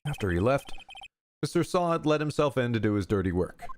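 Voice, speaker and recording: Animated male streamer reading dialogue. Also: medium pitch, fairly quick, slight background noise. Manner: theatrical, swinging between dramatic reading and joking asides. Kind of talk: reading game dialogue aloud on a livestream.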